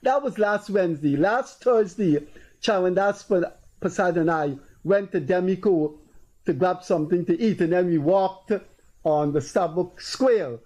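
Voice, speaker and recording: Guyanese male host, high-pitched but mellow, emphatic storyteller. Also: unhurried, low-quality recording. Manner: storytelling, acting out quoted people in a raised voice. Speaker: talk show host. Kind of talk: casual political commentary.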